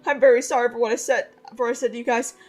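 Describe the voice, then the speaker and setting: A woman's voice: a little high, steady tone, fast, darkish tone, lightly acted. A woman voicing a sincere young human boy, earnest and apologetic.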